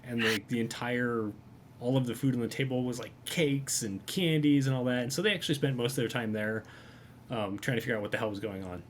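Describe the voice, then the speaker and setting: A man's voice: medium pitch, fairly even intonation, brisk, noisy background. A man casually narrating as game master of a tabletop game, rambling with frequent fillers.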